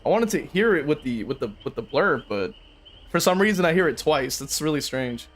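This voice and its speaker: A man's voice: fairly high pitch, expressive, a little fast, a bit bright. A young man streaming a game, talking casually to chat, often exasperated, swearing and laughing. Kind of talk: casual livestream commentary.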